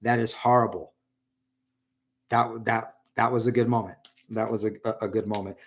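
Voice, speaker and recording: A man's voice: lowish voice, little pitch movement, a little fast. A man giving casual solo political commentary, rambling and repeating words, and raising his voice when he quotes others.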